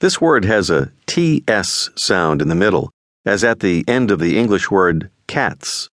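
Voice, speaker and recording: A man narrating a scripted audio language lesson, giving clear, patient instructions. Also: sits low, very animated, measured pace, a bit bright, no echo, studio quality.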